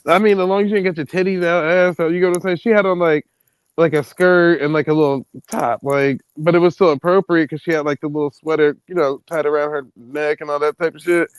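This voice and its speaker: Animated, profane man telling stories. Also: fairly high pitch, quick pace, clear, resonant tone, dry recording, poor audio. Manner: animated, profane, acts out quoted people. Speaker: stream host. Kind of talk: casual storytelling chat.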